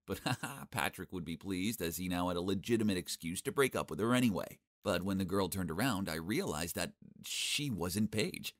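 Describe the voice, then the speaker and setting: A young man narrating a first-person animated story in a cocky, sarcastic, expressive way. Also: sits low, normal speed, few pauses, dry recording, studio quality.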